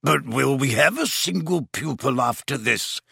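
A man's voice: medium pitch, animated, unhurried, gravelly, sharp tone, slightly rough, no echo, clean studio sound, heavily acted. A man voicing a shaken older male teacher in an audiobook, fretful in manner.

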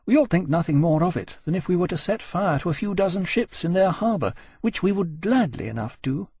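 Brisk weary woman officer, as a man reads her. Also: high-pitched, expressive, darkish tone, husky, no room sound, studio quality, voice pushed up, exaggerated voice. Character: commanding woman officer, tired and resolute. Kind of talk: audiobook character voice.

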